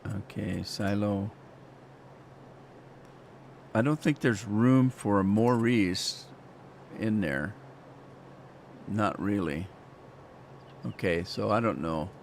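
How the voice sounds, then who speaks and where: A man's voice: on the low side, slow pace, vocal fry, pauses often, slight background noise. A man streaming a farming game, chatting casually and telling rambling stories with chuckles. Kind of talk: casual gameplay commentary.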